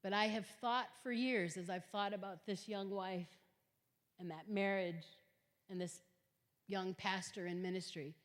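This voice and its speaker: A middle-aged woman giving an earnest Christian talk to high school students, telling stories emphatically and swinging from quiet to loud. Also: fairly even intonation, a little slow. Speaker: guest speaker at a high school. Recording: long hall reverb.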